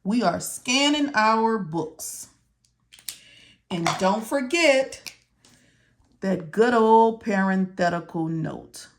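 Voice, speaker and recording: Woman instructor, unhurried, repetitive step-by-step lesson voice. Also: medium pitch, lively intonation. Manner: slow, repetitive, talks to viewers as if they can answer. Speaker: medical coding instructor. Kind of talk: study walkthrough lesson.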